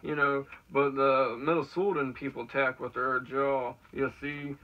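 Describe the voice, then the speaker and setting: A man's voice: mid-range voice, flat delivery, unhurried. A man in his twenties with a Southern accent, interviewing in casual chat, eager and rambling with stammered restarts. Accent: Southern American. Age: 20s. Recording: lo-fi dull sound.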